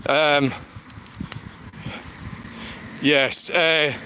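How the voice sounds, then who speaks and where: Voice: mid-range voice, flat delivery, very slow, pushed and bright, slight background noise. A speaker with a Scottish accent, rambling and sighing through a walking livestream outdoors beside a road. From Scotland. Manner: rambling, sighing, restarts thoughts. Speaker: vlogger.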